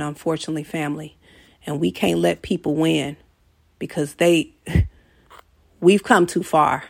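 Woman, gravelly, dry close sound, blunt and preachy, swears freely. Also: on the low side, no room sound. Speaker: host of a venting show. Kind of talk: casual encouraging monologue.

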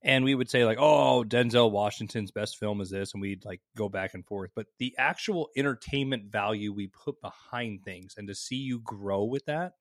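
A man co-hosting a podcast in casual chat, excitable and cursing freely, his pitch jumping when he gets worked up. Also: normal speed, hardly any pauses, no echo, studio quality. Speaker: podcast co-host.

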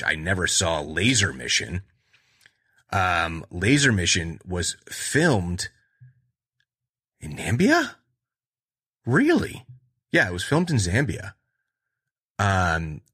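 A man with a husky, bright-edged voice tells movie stories in a loose, rambling style. He keeps checking in with "right?" and slips into acted-out quotes from the scenes. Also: low voice, lively intonation, slow, long pauses. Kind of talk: casual movie chat.

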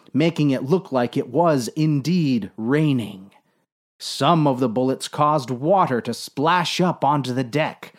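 Slow, deadpan male storyteller. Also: medium pitch. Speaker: narrator. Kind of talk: deadpan comic story reading.

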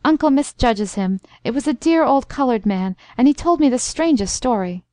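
A woman doing an eager, excitable young woman. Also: sits high, normal speed, no echo. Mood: protesting. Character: impulsive, warm-hearted young woman.

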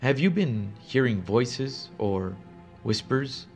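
Cold clinical psychiatrist read by a male narrator, measured and quietly menacing, soft music underneath. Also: medium pitch, animated. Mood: cold probing.

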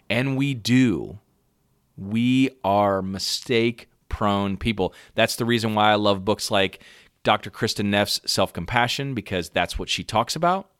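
A middle-aged man with a fairly low voice gives earnest, conversational encouragement to caregivers, often tossing in "right?" as he talks. He sounds close and dry, with no room around him. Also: moderate pace, fairly bright tone, no room sound. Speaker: parent coach and podcast host. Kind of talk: encouraging podcast talk to caregivers.

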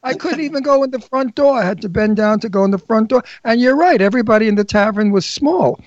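Flamboyant, giggly male co-host, high voice, dry and slightly dull studio sound. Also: quick pace, dry recording. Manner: flamboyant, bawdy, giggly storyteller. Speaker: radio co-host. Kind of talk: casual radio chat.

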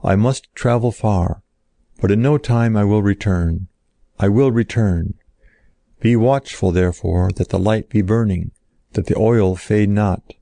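A man voicing a compassionate woman who leads a sacred temple, speaking in solemn, measured commands. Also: lowish voice, gravelly, mellow, no room sound.

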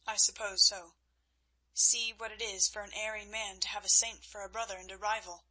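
A woman's voice: mid-range voice, little pitch movement, moderate pace, pushed and bright, breathy edge, low-quality recording. A woman reading the lines of an ardent, teasing young male knight in an audiobook, pleading and wry.

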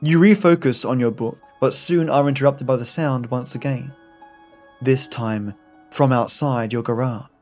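A man narrating a scripted horror story in the second person, in a measured storytelling manner. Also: mid-range voice, darkish tone, soft background music.

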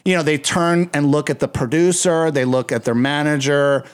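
Animated, slightly high-voiced man chatting. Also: moderate pace, clear, resonant tone. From United States. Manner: animated storyteller, acts out quotes. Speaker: podcast co-host. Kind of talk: casual chat.

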